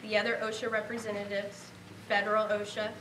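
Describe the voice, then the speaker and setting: A woman's voice: mid-range voice, completely flat delivery, brisk, roomy sound, recorded from a distance, noisy background. A woman in her thirties from Nebraska giving a heartfelt award acceptance speech, earnest and grateful. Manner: heartfelt, earnest, speaking of a lost relative.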